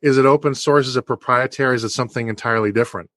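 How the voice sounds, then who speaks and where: Host: mid-pitched man, eager and chatty, dry studio sound. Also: racing, a bit bright, no room sound. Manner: enthusiastic, stumbling restarts. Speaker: podcast host. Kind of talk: podcast interview.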